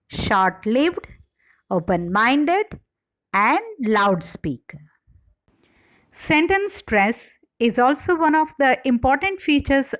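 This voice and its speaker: A woman giving a slide-based English lecture, reading out example words one by one in a slow, deliberate way. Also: fairly high pitch, fairly bright tone.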